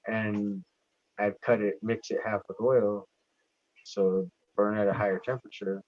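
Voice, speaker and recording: A man's voice: lowish voice, level tone, unhurried, dry recording. A man chatting casually as a podcast guest, telling stories in a rambling, heavily profane, emphatic way. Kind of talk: casual chat. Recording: dull lo-fi dry sound.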